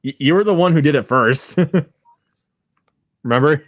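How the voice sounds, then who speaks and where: Slow-talking joking man. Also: a little high, lively intonation, no echo. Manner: jokey, laughs often, repeats running gags. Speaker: co-host of a movie watch-along. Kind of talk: casual watch-along chat.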